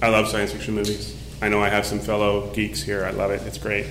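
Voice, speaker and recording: A man's voice: on the low side, completely flat delivery, fairly quick, fairly bright tone, slight background noise. A man in his forties giving a casual sermon in church, telling a story in a chatty way full of fillers. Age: 40s. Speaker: pastor. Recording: echoey room.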